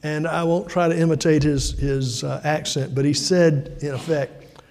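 Older guy preaching a sermon, chatty and folksy, highish voice, big echoey church. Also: steady tone, normal speed, a little mellow. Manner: conversational, folksy, with asides and rhetorical questions. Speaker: pastor. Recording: long reverb of a large hall.

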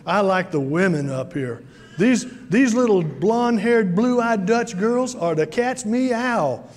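A man's voice: high-pitched, animated, slow, a little mellow, long reverb tail, full character voice. Man doing a brash Southern bachelor. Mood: boasting. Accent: Southern American.

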